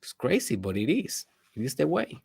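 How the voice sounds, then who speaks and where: A man hosting a personal development podcast, speaking in an emphatic motivational monologue that swings between loud bursts and hushed asides, with rhetorical questions to the listener. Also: medium pitch, very animated, normal speed, creaky, husky.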